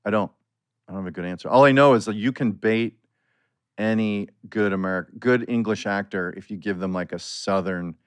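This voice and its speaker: A middle-aged man, a comedic actor, talking relaxed and at length as a podcast guest. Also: lowish voice, moderate pace, clear, resonant tone, no echo, clean studio sound. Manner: relaxed, explains at length with many "like" fillers. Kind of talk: casual chat.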